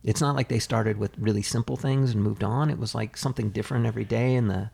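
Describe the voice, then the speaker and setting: A man co-hosting a casual chat, relaxed and agreeable, telling anecdotes. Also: fairly low pitch, quick pace, vocal fry, slightly rough. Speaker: podcast co-host.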